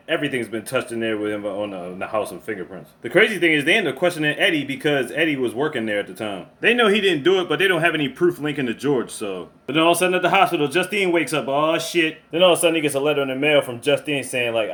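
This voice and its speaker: A man talks through a movie plot at a rapid clip. His voice sits a little high for a man. He cusses freely and loudly reacts to the scenes. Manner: switches into quoted character voices. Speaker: movie reviewer. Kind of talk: casual spoiler recap.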